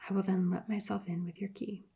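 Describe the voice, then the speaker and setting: A woman voicing a threatening male stranger of about thirty in a whispered role-play, giving low, clipped commands. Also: flat delivery, a little fast, gravelly, mellow, husky. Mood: menacing.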